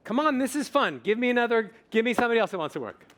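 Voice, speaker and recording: A man working as a voice coach, giving a playful, animated live demonstration on stage. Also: extremely high pitch, rapid-fire.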